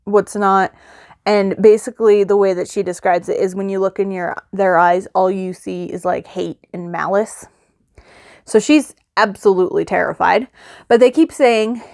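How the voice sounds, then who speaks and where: A woman's voice: medium pitch, dry recording, studio quality. A woman chatting casually in a reading vlog, rambling and gushing as she retells a book's plot. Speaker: book vlogger.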